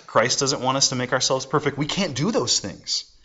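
A man's voice: medium pitch, expressive, normal speed, bright, forceful tone, muffled recording, a little hiss or hum. A man in his forties preaching a sermon in a conversational, folksy way with casual asides. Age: 40s. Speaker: pastor.

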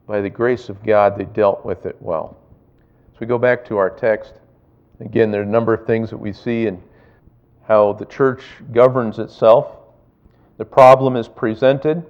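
A male pastor preaching a sermon at a middle pitch, pressing points with rising emphasis and slow, deliberate pauses. The recording is a little dull and lo-fi.

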